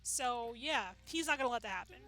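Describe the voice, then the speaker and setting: A woman's voice: a little high, lively intonation, fairly quick, fairly bright tone, low-quality recording. A woman chatting casually as she reacts to an anime episode, giggling often and swearing freely.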